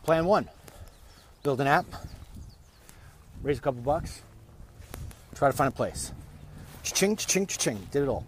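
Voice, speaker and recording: A man's voice: mid-range voice, lively intonation, measured pace, pauses often, slight background noise. A man hosting a casual walk-and-talk vlog, rambling, often restarting and repeating his words as he goes. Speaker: vlog host. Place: walking outdoors.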